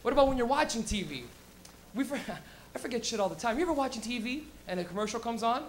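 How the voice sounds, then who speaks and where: A man's voice: extremely high pitch, animated, fast, a little hiss or hum. A young man doing live stand-up comedy on a club stage, rowdy and profane, acting out everyday scenes in silly voices.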